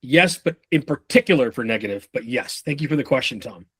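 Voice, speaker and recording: A man's voice: medium pitch, brisk, breathy edge, dry recording. A man runs a leadership training session, talking loosely and with plenty of swearing. He acts out the feedback lines he wants his students to use. His mid-range voice is recorded close and dry. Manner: animated, profane, acts out examples. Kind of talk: casual training session talk.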